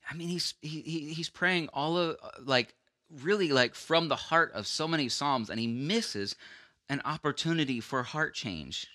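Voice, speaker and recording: Sharp-toned man preaching conversationally. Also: fairly high pitch, a little slow, dry recording, studio quality. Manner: earnest, acts out quoted voices, frequent restarts. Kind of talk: conversational sermon.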